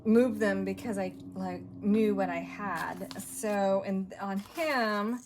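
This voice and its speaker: A woman sits at her craft table and chats casually, thinking aloud as she works. She drops to a murmur now and then, a little winded, in a middle-pitched voice. There is a faint hiss of noise behind her. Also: slow pace. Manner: chatty, thinking aloud, murmuring to herself while stamping. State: a bit winded. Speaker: craft video creator.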